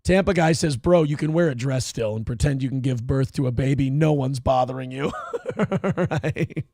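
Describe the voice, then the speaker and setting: A man in his thirties hosting a live show, talking in a loud, brash, mocking way with sudden yelled outbursts. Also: mid-range voice, normal speed, gravelly, dry recording, clean studio sound. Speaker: livestream show host. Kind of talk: crude casual livestream commentary.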